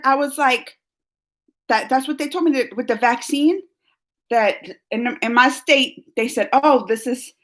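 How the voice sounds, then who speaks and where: A middle-aged woman hosting a casual live stream, chatting with viewers and telling stories with frequent laughs. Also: a little high. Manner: chatty, animated storytelling with laughs. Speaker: live-stream host reading chat.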